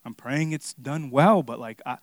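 A man's voice: medium pitch, normal speed, dry recording. A young man preaching a sermon in a casual, earnest storytelling way, full of fillers. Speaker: pastor teaching a Bible study.

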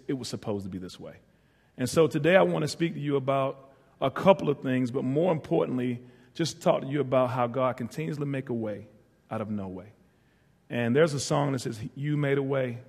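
A man's voice: mid-range voice, darkish tone. A middle-aged man from northeastern North Carolina, preaching as a guest speaker in a church, earnest and heartfelt with playful asides to the congregation. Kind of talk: church sermon. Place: church sanctuary. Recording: hall reverb.

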